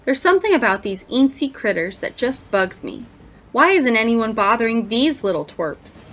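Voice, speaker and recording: A woman's voice: a little high, big pitch swings, normal speed, a bit bright, muffled recording. A woman doing a grumpy little male cockroach. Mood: scornful. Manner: grumbling, self-pitying complaints.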